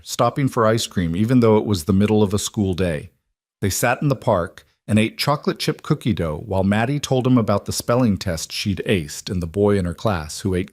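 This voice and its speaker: Low-voiced male story narrator. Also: darkish tone, dry recording, clean studio sound.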